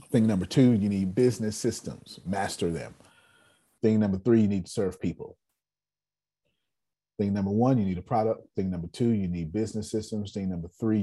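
A man's warm, slightly rough voice on the low side delivers an animated motivational talk. He coaches an online business meeting bluntly and with jokes, repeating phrases in the rhythm of a preacher.

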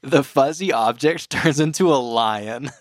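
An upbeat man serving as dungeon master, calling rolls and describing the action quickly. He laughs easily between rulings. His voice sits at a middle pitch, and the sound is dry and close. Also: no room sound. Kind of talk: running a tabletop game.

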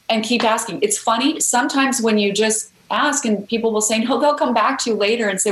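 A woman's voice: a little high, fairly quick, few pauses, reverberant, poor audio. A woman guest author telling a story in a podcast interview, earnest and encouraging.

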